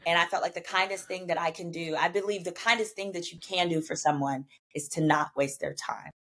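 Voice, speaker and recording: A woman with a Southern US accent, a podcast guest telling a personal story in an animated, emphatic way, acting out the dialogue she quotes and cursing freely. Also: on the low side, brisk. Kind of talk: animated storytelling in casual chat.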